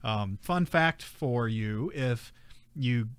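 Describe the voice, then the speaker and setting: A man's voice: medium pitch, expressive, extremely slow, smooth, dry recording. A man co-hosting a casual chat, talkative and laughing easily, full of fillers. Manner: chatty, giggly, many "like" fillers. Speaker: podcast co-host.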